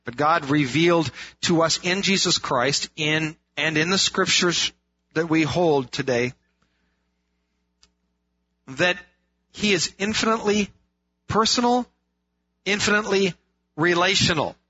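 A man's voice: fairly high pitch, unhurried, pauses often, sharp tone, slight background noise. A man preaching a sermon in an earnest way, asking rhetorical questions and repeating phrases for emphasis. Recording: dull lo-fi sound.

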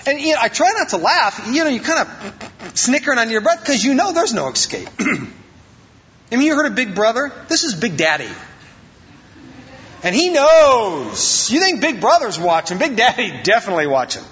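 Guy preaching, jokey and animated, bright voice that swings all over. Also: very high voice, brisk, highs cut off. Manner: animated and joking, acting out quoted voices. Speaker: pastor. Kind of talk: informal sermon.

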